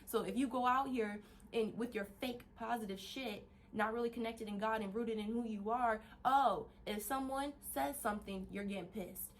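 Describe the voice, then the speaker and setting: A woman vlogger giving a casual motivational rant, animated, laughing often and swearing freely as she rambles with restarts. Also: on the high side, normal speed, a little hiss or hum.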